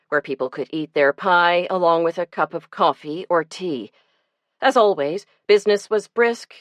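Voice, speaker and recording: A woman narrating a cozy mystery audiobook in a measured, even storytelling manner. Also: on the low side, no room sound.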